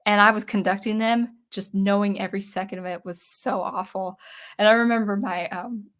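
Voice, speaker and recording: A woman's voice: medium pitch, steady tone, moderate pace, a bit bright. A young adult woman, a composer, thinking aloud in a casual talk to camera, with frequent restarts. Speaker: composer vlogger.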